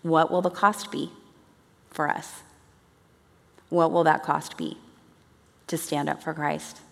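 A woman's voice: low-pitched, little pitch movement, takes it slowly, creaky, fairly bright tone. A woman giving an earnest, chatty church teaching talk to a congregation. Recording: long reverb of a large hall.

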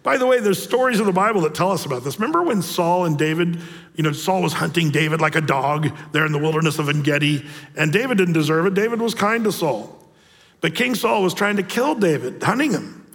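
A man's voice: fairly high pitch, animated, a little fast, fairly bright tone. A man in his sixties, a pastor, preaching a sermon in a conversational storytelling manner. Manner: conversational, storytelling, acts out quotes. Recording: long reverb of a large hall.

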